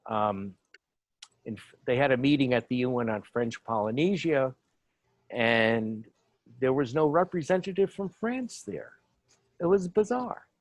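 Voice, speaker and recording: A man's voice: medium pitch, expressive, a little slow, no echo. A man speaking on an online panel about human rights, giving an informal lecture full of fillers, asides and restarts. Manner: rambling, many fillers and asides.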